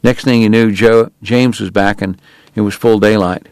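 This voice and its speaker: A man reading a novel aloud as narrator, in measured scripted storytelling. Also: lowish voice, steady tone, smooth, dry recording, studio quality. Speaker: audiobook narrator.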